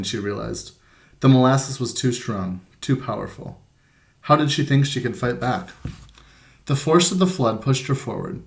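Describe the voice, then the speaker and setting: A man's voice: mid-range voice, gravelly. Man reading a children's novel aloud. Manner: plain unhurried read-aloud with light voicing of dialogue. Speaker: teacher reading aloud to students. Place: room at home with a printer nearby.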